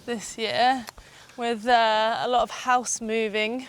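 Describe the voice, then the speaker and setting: A woman's voice: on the high side, level tone, takes it slowly, a little hiss or hum. A woman from the UK co-hosting a vlog, chatting casually while walking along a beach. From United Kingdom. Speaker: vlog co-host. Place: outdoors on a beach.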